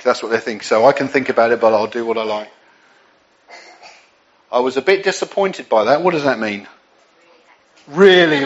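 A man's voice: medium pitch, lo-fi sound. An English man preaching a sermon in a conversational way, with frequent restarts and asides. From England.

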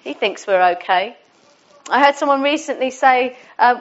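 High-voiced woman preaching informally. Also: moderate pace. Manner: warm, conversational, with restarts. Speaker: church speaker. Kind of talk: informal sermon. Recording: dull lo-fi sound.

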